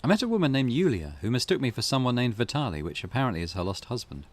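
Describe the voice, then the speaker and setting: A man hosting a let's play, reading in-game notes aloud and muttering relaxed asides as he explores. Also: medium pitch, rapid-fire, dry recording. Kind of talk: gameplay commentary.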